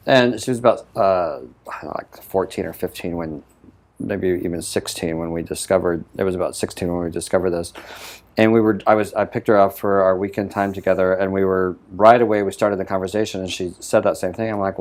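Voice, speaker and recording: A man with a somewhat low voice talks casually on a conversation show. He tells a reflective personal story, slipping into the voices of the people he quotes. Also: a little fast. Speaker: show co-host.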